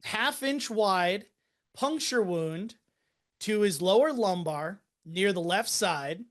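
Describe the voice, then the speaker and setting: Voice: medium pitch, lively intonation, slow pace. A podcast host narrating a medical case in a loose, chatty way, full of filler words. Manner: casual, many fillers, teasing. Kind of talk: casual case walkthrough.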